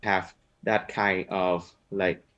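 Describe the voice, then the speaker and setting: Low-voiced Vietnamese man, hesitant. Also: little pitch movement, very slow, fairly bright tone, muffled recording. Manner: hesitant, reformulating mid-sentence. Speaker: test candidate. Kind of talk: speaking exam answers. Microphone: video call.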